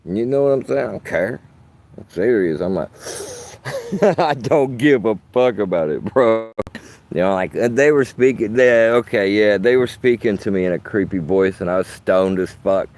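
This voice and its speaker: A man's voice: fairly low pitch, normal speed, darkish tone. A man talking casually to his phone camera in a park, rambling and swearing with streetwise slang. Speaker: vlogger.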